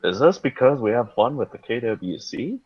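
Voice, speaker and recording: A man reading his part in a fan script with a sarcastic, animated delivery. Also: mid-range voice, moderate pace, husky. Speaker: co-reader. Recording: muffled lo-fi mic.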